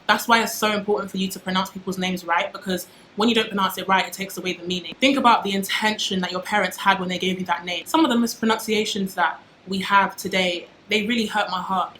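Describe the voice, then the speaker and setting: A woman's voice: medium pitch, fairly even intonation, quick pace, few pauses, a bit bright, soft background music. A young British woman vlogging to camera in a passionate, dramatic way, hammering her points home with repetition. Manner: passionate, dramatic, emphatic with repeated phrases. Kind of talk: casual talk to camera. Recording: echoey room with faint background ambience.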